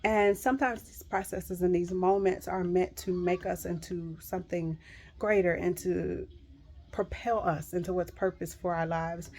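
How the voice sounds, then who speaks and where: A woman's voice: fairly low pitch, steady tone, normal speed, a little mellow. A middle-aged woman giving a heartfelt devotional pep talk to viewers, earnest and emphatic, repeating reassuring phrases. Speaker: Christian encourager speaking to viewers.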